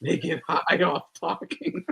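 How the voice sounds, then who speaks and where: A gravelly, slightly high voice with a sharp tone and breathy edge, taking it slowly. The man hosts a casual podcast chat, swearing heavily and laughing often.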